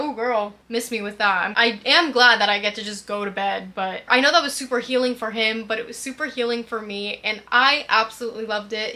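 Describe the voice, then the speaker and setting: Young female vlogger, high-ish bright voice, giggly fangirl storytime energy. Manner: gushing, giggly, animated fangirl talk. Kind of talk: casual chatty storytime.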